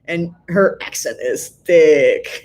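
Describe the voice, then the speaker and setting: Reading viewer comments aloud during a casual live chat, a middle-aged livestream host with a lowish voice streams from home. Though she sounds tired, she keeps chatting, laughs a lot, and peppers her talk with "like" and "you know".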